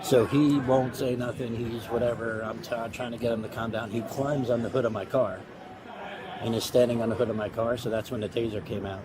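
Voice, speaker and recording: A man's voice: medium pitch, steady tone, brisk, low-quality recording. A male police officer, speaking outdoors, briefing colleagues in a blunt, matter-of-fact way, recorded on a body camera. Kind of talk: unscripted on-scene briefing. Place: outdoors near a beach. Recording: loud crowd noise around.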